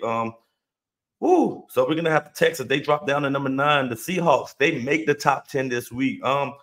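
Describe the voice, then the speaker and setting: A man's voice: medium pitch, a bit bright. A man hosting a sports podcast, giving emphatic, casual commentary, repeating phrases for punch and cursing freely. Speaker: podcast host.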